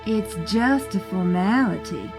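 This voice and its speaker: A woman's voice: mid-range voice, lively intonation, a little slow, music in the background. An actress playing a scheming woman in an audio drama, speaking sharply and urgently. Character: scheming woman plotting a forced marriage.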